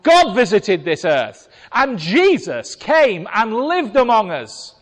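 Emphatic male pastor, high and swooping delivery, slow and deliberate, church reverb. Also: wildly swooping pitch, fairly bright tone. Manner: emphatic, rhetorical questions to congregation. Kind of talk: sermon. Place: church hall. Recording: long reverb of a large hall.

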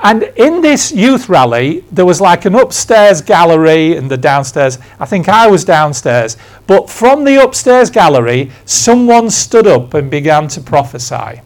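Lively older man preaching conversationally. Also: a little high, measured pace, hardly any pauses. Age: 60s. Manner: storytelling, emphatic, self-deprecating asides. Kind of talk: conversational sermon. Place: church.

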